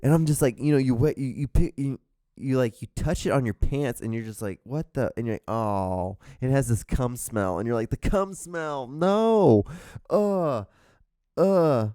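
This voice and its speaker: A man's voice: mid-range voice, a little fast, dark tone, no room sound, studio quality. A young man hosting his own show, rambling casually with lots of fillers and restarts, sounding tired, his voice starting to go. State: tired, voice going out. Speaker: host.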